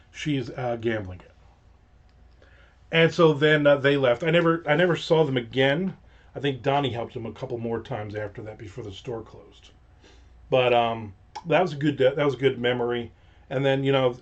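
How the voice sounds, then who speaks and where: A man's voice: medium pitch, highs cut off. Rambling, profane male storyteller. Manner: rambling, profane, digressive anecdotes. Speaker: show host. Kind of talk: casual storytelling.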